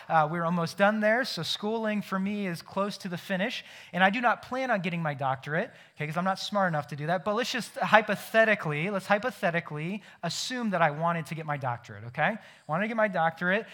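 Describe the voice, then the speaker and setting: High-voiced animated man preaching. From Ohio. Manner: animated and emphatic, acting out imagined phone calls. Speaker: pastor. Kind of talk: sermon.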